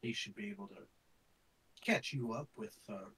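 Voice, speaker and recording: A man running a tabletop game as game master, narrating in a relaxed, rambling way with many fillers. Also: medium pitch, normal speed, far from the mic, rough recording.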